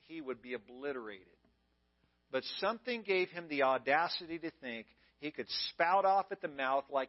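A male pastor preaching a sermon in an emphatic way, repeating key phrases, on a dull lo-fi recording. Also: mid-range voice.

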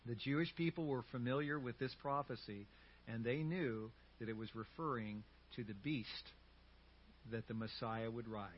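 A man's voice: mid-range voice, moderate pace, dull audio, a little hiss or hum. A male pastor preaching a sermon with animation and leading the congregation in call-and-response. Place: church sanctuary.

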